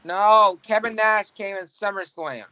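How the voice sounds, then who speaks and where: A man's voice: sits high, a little slow, clean tone. A man on a podcast panel, rambling in casual chat. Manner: rambling, laughing, lively. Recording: dry dull lo-fi audio.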